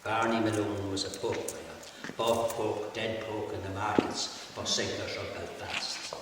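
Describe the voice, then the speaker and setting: A man's voice: fairly low pitch, level tone, measured pace. An Irish man telling a local folk story in a chatty way, dotted with repeated "he said" tags. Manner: chatty, with frequent "he said" tags and laughter. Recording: echoey hall, mic far off, faint hiss.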